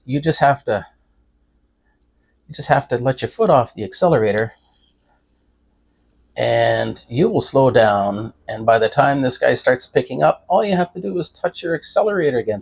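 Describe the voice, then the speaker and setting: A man's voice: medium pitch, vocal fry, slightly rough. An older man talking in a folksy, rambling way, giving preachy advice from inside a car. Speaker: vlogger. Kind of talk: casual rambling talk to camera.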